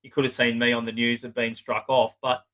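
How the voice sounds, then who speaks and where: A middle-aged man with a bright, forceful voice shares client stories in a loose interview. His talk is blunt and full of profanity. He often slips into acting out what other people said. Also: mid-range voice, little pitch movement, brisk, low-quality recording. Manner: blunt, swears freely, acts out clients' lines. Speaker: psychotherapist guest. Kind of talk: casual storytelling interview.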